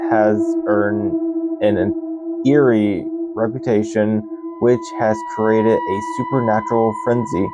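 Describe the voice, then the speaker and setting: A young man hosting his own channel, telling a story casually and reading aloud in a halting way with many restarts. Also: lowish voice. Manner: halting, stumbles and restarts, repeats "that's insane". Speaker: channel host. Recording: loud music bed under voice.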